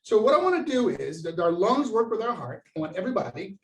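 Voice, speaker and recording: A high-voiced science educator runs an interactive lesson for kids, calling out words for them to repeat and standing to demonstrate while he gestures. He talks fast and animatedly, far off the mic in an echoey room, so he sounds distant and ringing, with a little hiss or hum.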